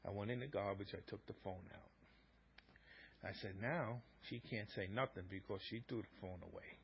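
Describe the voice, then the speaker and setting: A man's voice: fairly low pitch, moderate pace, creaky, dull audio, slight background noise. A man hosting a live talk stream, telling a long personal story in a rambling, repetitive way and acting out both sides of arguments. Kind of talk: casual storytelling monologue.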